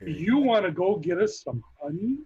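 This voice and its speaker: A man's voice: sits high, animated, moderate pace, a little mellow, highs cut off, slight background noise. A man performing in an improvised comedy scene on a video call, sliding playfully between silly put-on accents.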